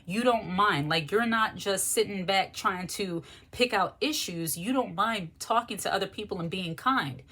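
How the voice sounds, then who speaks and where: A woman's voice: mid-range voice, moderate pace, few pauses, sharp tone. Frank, emphatic woman vlogger. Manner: frank and emphatic, loose and conversational. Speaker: lifestyle vlogger. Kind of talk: candid monologue to camera.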